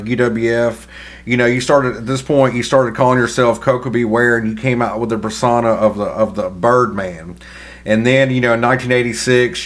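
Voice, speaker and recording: A male podcast host with a mid-range voice leads a casual interview. He is effusive and repeats his phrasing as he sets up questions. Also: medium pitch.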